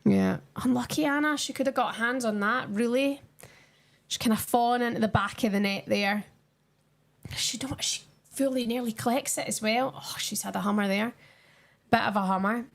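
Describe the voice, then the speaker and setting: Gravelly-voiced woman chatting on a stream. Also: on the high side, moderate pace. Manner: chatty, answers viewer comments, banters about the game. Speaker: streamer watching and discussing a football match. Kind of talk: casual live-stream chat with viewers.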